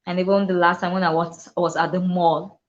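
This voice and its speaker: A woman's voice: fairly low pitch, level tone, a little fast, lo-fi sound. A woman teacher and dyslexia coach giving an earnest motivational talk to other teachers, often acting out what children and teachers say. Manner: earnest, acts out quoted voices, laughs often.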